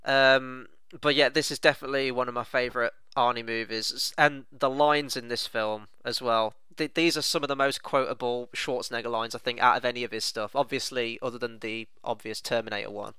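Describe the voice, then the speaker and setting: A man's voice: medium pitch, steady tone, brisk, hardly any pauses, pushed and bright, smooth, dry recording. A man co-hosting a casual film review, chatting enthusiastically with plenty of "you know" fillers.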